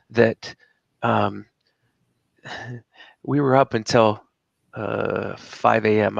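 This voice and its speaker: A man's voice: on the low side, vocal fry, fairly bright tone, dry recording, dull audio. A man co-hosting a motivational podcast, talking in a rambling, casual way with frequent laughs and repeated words. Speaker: podcast co-host.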